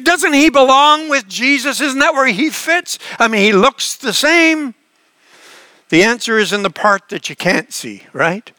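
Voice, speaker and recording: A man's voice: very high-pitched, animated, a little slow, sharp tone, dry recording. A man preaching a sermon, earnest and emphatic, asking the listeners questions and often restarting his phrases. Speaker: pastor.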